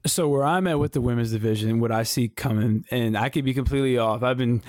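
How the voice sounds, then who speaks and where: A man's voice: medium pitch, fast talker, a little mellow, dry recording, studio quality. A man co-hosting a podcast, chatting casually about wrestling in an emphatic, slangy way, often repeating himself. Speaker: podcast co-host. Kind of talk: casual wrestling review chat.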